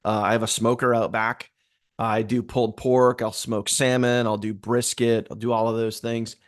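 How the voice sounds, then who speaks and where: A man's voice: mid-range voice, flat delivery, normal speed. A man hosting a live stream in casual chat, upbeat and rambling, greeting viewers by name. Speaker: livestream host.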